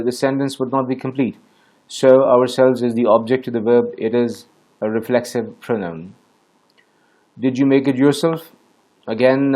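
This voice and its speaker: A man's voice: medium pitch, darkish tone. A man teaching an English grammar lesson, explaining methodically with frequent hesitations. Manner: measured, methodical, with many hesitations.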